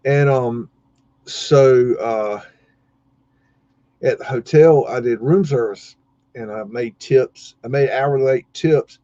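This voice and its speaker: A man's voice: mid-range voice, slow, long pauses, mellow, dry recording, lo-fi sound. A man casually telling rambling stories about his old jobs, folksy and swearing freely, with lots of fillers. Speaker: podcast host.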